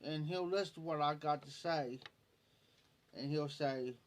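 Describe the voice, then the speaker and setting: There's slight background noise as a man with a higher voice speaks unhurriedly on his live stream. Telling a personal story casually, he drifts along, says things more than once, and quotes other people.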